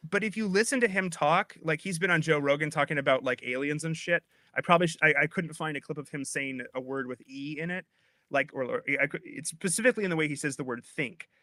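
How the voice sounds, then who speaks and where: A man in his thirties, a linguist guest, explaining in an animated, chatty way with frequent restarts. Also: fairly high pitch, fast talker, dry recording. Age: 30s. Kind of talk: casual explanatory chat.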